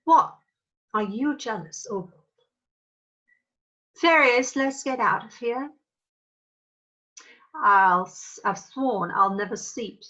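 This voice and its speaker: A woman's voice: a little high, lively intonation, takes it slowly, long pauses, pushed and bright, dull audio, voice pushed up, exaggerated voice. Titania, as a woman plays an imperious fairy queen. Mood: accusing. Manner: imperious, accusing. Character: proud jealous fairy queen, accusing her husband. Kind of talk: theatrical acting demo.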